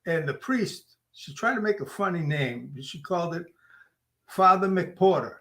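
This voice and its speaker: A man hosting a podcast, telling stories in a teasing, casual way that often drops to a low mutter. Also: animated, a little slow, fairly bright tone. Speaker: podcast host.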